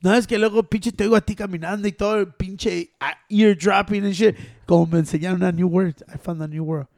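Quick, high-voiced man. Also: steady tone, darkish tone, no room sound, clean studio sound. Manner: fast, teasing, code-switching. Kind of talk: casual chat.

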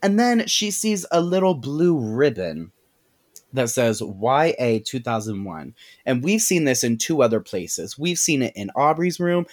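Male podcast host, mid-range voice, chatty recap, salty and lively. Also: medium pitch, a little slow. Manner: animated, profane storytelling with many "like"s. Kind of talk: casual movie recap.

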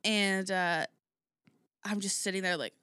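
A woman's voice: mid-range voice, steady tone, measured pace, bright, forceful tone, clear, resonant tone, no room sound. A young woman co-hosting a casual podcast, rambling with lots of fillers and swearing freely. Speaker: podcast co-host. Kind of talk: casual chat.

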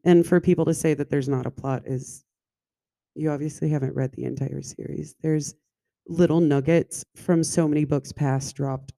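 A woman's voice: low-pitched, steady tone, moderate pace, vocal fry, mellow, dry recording. A woman co-hosting a casual book-discussion podcast. She talks with emphatic, joking enthusiasm. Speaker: podcast co-host.

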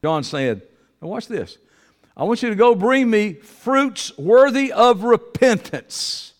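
High-voiced preacher in a reverberant hall. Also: male voice, expressive, takes it slowly. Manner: swings from loud high exclamations to low quiet asides. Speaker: pastor. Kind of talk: sermon.

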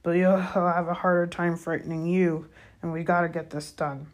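A woman voicing a gruff, big-hearted giant gamekeeper in a storybook reading, blustery and grumbling. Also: fairly low pitch, flat delivery, normal speed, natural voice. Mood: urgent.

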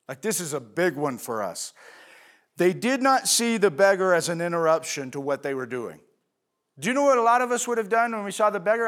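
With a high, fairly bright voice, a male pastor delivers his sermon like a conversation. He raises rhetorical questions, answers them himself, and drifts into fillers and asides.

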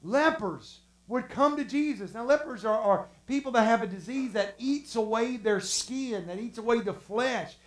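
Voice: medium pitch, moderate pace, few pauses. Preacher with an echoing room sound. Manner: animated, acts out the stories with shouts and drops to a hush. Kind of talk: sermon. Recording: roomy echo.

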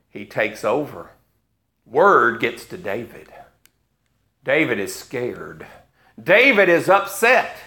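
A man's voice: on the high side, fairly bright tone. A man in his fifties preaching a sermon, retelling a story with wry asides. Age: 50s.

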